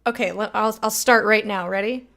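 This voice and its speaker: An American woman streaming a game, chatting casually with her viewers, self-mocking and quick to laugh. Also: medium pitch, fairly even intonation, creaky, sharp tone. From United States. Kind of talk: casual gameplay commentary, reading chat.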